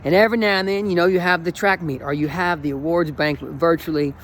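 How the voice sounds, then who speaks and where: A running coach in his forties talks enthusiastically and emotionally in a casual motivational vlog, rambling as he goes. He's a fast talker with a fairly high, slightly bright voice, and a little background noise can be heard.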